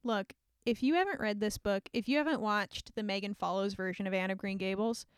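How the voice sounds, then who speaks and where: A woman's voice: medium pitch, fairly quick, clean tone, dry recording, studio quality. A woman chatting casually and enthusiastically about books, gushing and saying "like" a lot.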